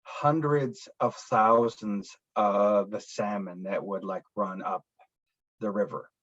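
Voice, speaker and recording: A man's voice: lowish voice, steady tone, takes it slowly, a bit bright, lo-fi sound. A man speaking on a panel, telling stories in a rambling way with many fillers and acted-out quotes. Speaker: guest speaker. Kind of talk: casual talk at a speaker panel.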